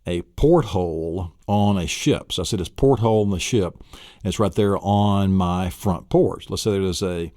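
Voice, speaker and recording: Enthusiastic low-voiced male teacher. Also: a little slow, mellow, dry recording, studio quality. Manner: enthusiastic, laughs often, teacherly. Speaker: memory course instructor. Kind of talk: recorded audio lesson.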